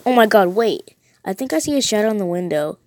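A woman's voice: mid-range voice, lively intonation, fairly quick, a little mellow, no room sound, natural voice. A woman reading a text-message horror story aloud, voicing a frightened teenage girl who sounds panicky and asks question after question. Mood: scared.

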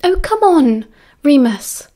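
A woman with a British accent voicing a bossy, exasperated teenage girl prefect who quizzes and scolds in a brisk, authoritative way. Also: high voice, sing-song, a little mellow, voice pushed up.

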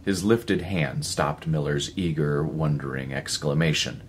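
Very deep, gravelly male narrator. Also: measured pace, hardly any pauses, slight background noise. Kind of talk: scripted audiobook narration.

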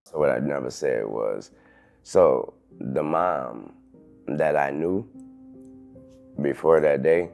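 A man in his thirties, an interview guest telling a painful personal story in halting sentences full of restarts. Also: rumbling low, gravelly, faint music behind. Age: 30s. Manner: halting, restarts sentences, loud when quoting others.

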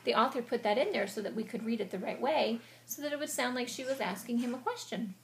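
A woman teacher reading a storybook aloud to children, pausing to explain it in a patient, explanatory manner. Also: on the high side, slight background noise.

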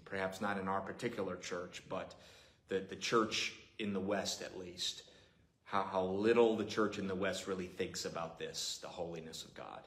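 Bright-voiced man preaching a sermon. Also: low voice, fairly even intonation, normal speed. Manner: earnest, emphatic preaching with repetition. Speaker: pastor. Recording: roomy echoing hall.

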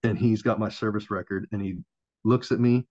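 A man's voice: on the low side, steady tone, normal speed, a little mellow, no room sound. A man in his thirties, a podcast guest and former Marine, telling a story in a laid-back, profane, casual way. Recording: dull lo-fi audio.

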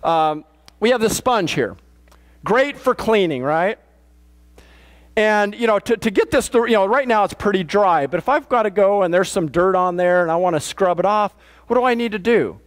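High-voiced man preaching a casual sermon. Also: animated, normal speed. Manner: plain-spoken and matter-of-fact, with frequent restarts. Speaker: pastor. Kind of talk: conversational sermon. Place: church.

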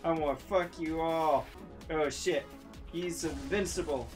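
A woman hosting a let's play, giving excitable, profane commentary full of yelps and battle cries. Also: low-pitched, unhurried, faint music behind. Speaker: gaming channel host.

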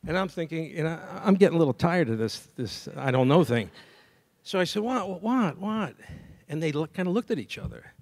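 A man giving a graduation speech as a saxophonist, telling a story lively and scatting melodies. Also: fairly high pitch, fast talker, hardly any pauses. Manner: lively storyteller who scats melodies and acts out dialogue. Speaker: commencement speaker and saxophonist. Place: university degree ceremony.

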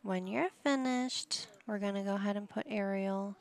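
A woman's voice: medium pitch, moderate pace. A woman hosting a life-sim gameplay video in casual commentary, directing her characters like a patient parent with wry, mildly exasperated asides. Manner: bossing game characters around like a patient parent. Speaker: gaming channel host.

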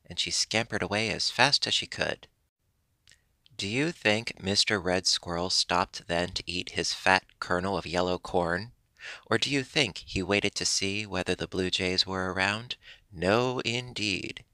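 A man narrating a children's animal story in a gentle, measured way. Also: deep voice, no room sound.

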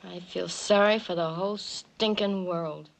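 A woman's voice: on the low side, steady tone, unhurried, vocal fry. An actress playing a blunt, weary nightclub woman in a 1960s film.

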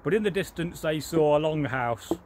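A man's voice: on the high side, animated, moderate pace, a little mellow, slight background noise. A man with an English accent telling a folktale in a rambling, chatty way, full of asides. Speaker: storyteller. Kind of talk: casual oral folktale telling.

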